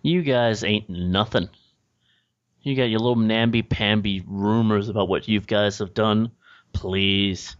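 A man voicing a big, sneering orc thug who taunts in rough slang, on a dull, dry recording. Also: on the low side, fairly even intonation, measured pace, dry recording, lightly acted.

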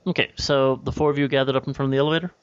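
A man's voice: medium pitch, flat delivery, very fast, smooth, no room sound. A man narrating a tabletop game as game master, describing scenes casually with many fillers. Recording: dull lo-fi dry recording.

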